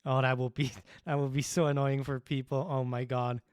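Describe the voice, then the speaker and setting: A man's voice: medium pitch, level tone, normal speed, clean tone, no room sound, clean studio sound. A young man chatting casually on a livestream, rambling and thinking aloud while chuckling at his own ideas. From Switzerland. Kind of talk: casual stream chat.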